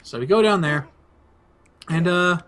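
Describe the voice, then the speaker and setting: A young man hosting a two-player gameplay video rambles casually through a personal anecdote, laid-back. His voice sits high, a bit bright and unhurried.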